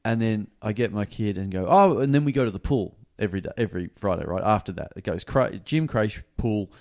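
A man hosting a podcast, telling a story in a casual, sweary, animated way and acting out every voice in it. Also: on the low side, a little fast. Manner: animated, sweary, acts out both sides of a story. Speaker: podcast host.

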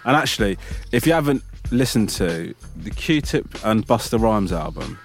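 A man in casual chat as a podcast co-host, relaxed, swearing freely as he tells stories. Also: on the low side, moderate pace, vocal fry, soft background music. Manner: relaxed, swears, laughs at his own stories.

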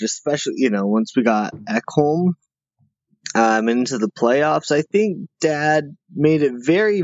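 A man's voice: mid-range voice, dry recording, dull audio. A man earnestly leaving a voicemail for a podcast, thinking aloud. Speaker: voicemail caller.

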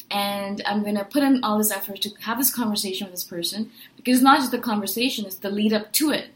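A woman's voice: medium pitch, fast, few pauses, echoey room, a little hiss or hum, rough recording. A woman talking casually and earnestly in a monologue, venting her feelings and asking rhetorical questions. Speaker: personality-type video host.

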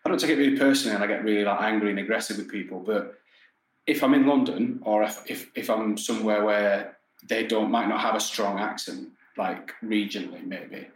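A man's voice: fairly low pitch, brisk. A man in casual podcast talk, blunt and swearing freely. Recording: echoey room with faint background noise.

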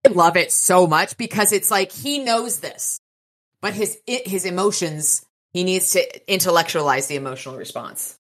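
Woman, podcast co-host, low voice, casual book chat. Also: moderate pace, a bit bright. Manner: agreeable, musing. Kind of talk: casual chat, reading book passages aloud.

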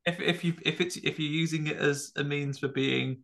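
A man's voice: a little high, fairly even intonation, normal speed, creaky, a bit bright. A man with a British accent, co-hosting a horror film podcast with wry, rambling humour. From Britain. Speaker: podcast co-host. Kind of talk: casual chat about horror films.

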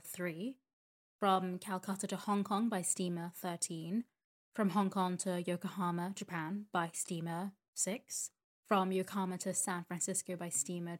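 A woman reading the lines of a gentleman who lists travel times in a measured, itemizing way. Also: on the low side, close to an everyday voice. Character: well-informed gentleman clubman reciting figures.

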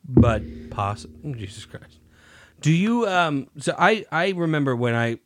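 Teasing man with a lively voice. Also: a little high, a little hiss or hum. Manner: teasing, quick jokes. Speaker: podcast host. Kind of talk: casual chat.

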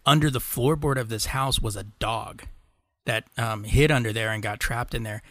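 A man's voice: mid-range voice, steady tone, normal speed, a bit bright, dry recording. A man co-hosting a casual podcast, rambling through stories, swearing casually and laughing often. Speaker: podcast co-host. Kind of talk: casual chat.

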